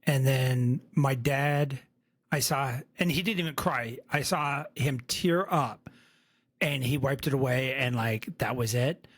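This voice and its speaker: A man's voice: medium pitch, slow, no echo. A man co-hosting a podcast, telling a personal story plainly and matter-of-factly. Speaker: podcast co-host. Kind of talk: casual chat.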